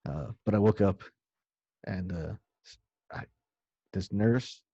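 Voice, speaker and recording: A man's voice: lowish voice, slow, creaky, warm tone, breathy edge, dry recording. A man casually recounting a story of his own in a loose, rambling way, with some swearing. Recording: dull lo-fi dry recording.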